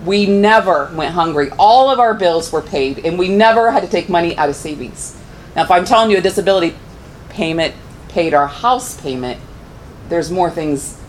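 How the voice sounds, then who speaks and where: A woman's voice: a little hiss or hum, rough recording. A middle-aged woman giving a personal testimony in church, telling her story earnestly. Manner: earnest storytelling, pitch rising when moved.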